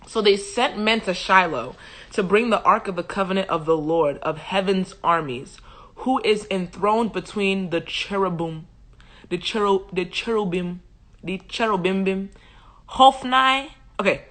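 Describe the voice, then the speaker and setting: A young woman hosting a livestream, retelling a Bible story in a humorous, slangy, animated way into a phone mic. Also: medium pitch, a little slow. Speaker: host. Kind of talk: casual Bible study retelling.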